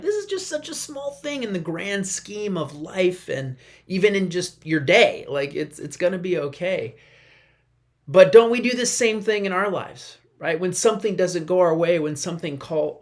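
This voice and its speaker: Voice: mid-range voice, expressive, moderate pace. A pastor and parent giving a short devotional message in an earnest, conversational way, sometimes acting out quotes in a raised voice. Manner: parent sharing a family example.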